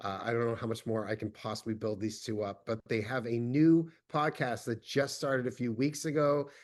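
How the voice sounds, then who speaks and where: A man's voice: medium pitch, steady tone, moderate pace. A man hosting a podcast, introducing his guests with enthusiasm. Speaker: podcast host.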